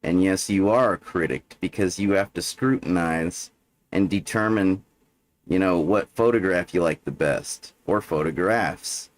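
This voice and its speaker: A man's voice: deep voice, a little slow, no echo. A man hosting a livestream, talking in a meandering monologue full of fillers, with frequent "right?" check-ins. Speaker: livestream host. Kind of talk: rambling monologue.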